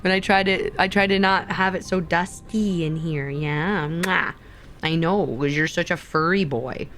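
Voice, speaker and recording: A woman streamer in casual livestream chat, talking in soft, drawn-out baby talk to her cat. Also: on the low side, a little hiss or hum.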